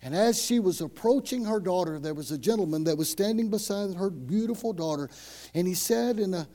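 A man preaching a sermon as pastor, telling a story and leading prayer, going from loud, urgent passages to hushed whispers. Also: high-pitched, lively intonation, a little fast. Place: church.

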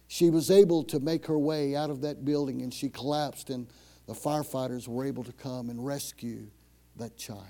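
Pastor with a dark, mellow voice. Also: male voice, mid-range voice, steady tone, normal speed. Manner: swings from loud storytelling to hushed whispers. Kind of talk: sermon. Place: church.

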